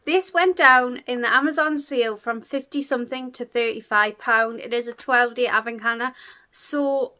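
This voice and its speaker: A woman's voice: a little high, moderate pace, pushed and bright. A woman beauty vlogger chatting casually through a product unboxing, gushing, with many fillers.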